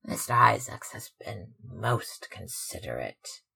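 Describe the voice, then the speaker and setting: A man's voice: low-pitched, sing-song, takes it slowly, creaky, pushed and bright, slightly rough, exaggerated voice. A man reading aloud, voicing a tired, anxious older mother with a fretful, scolding tone.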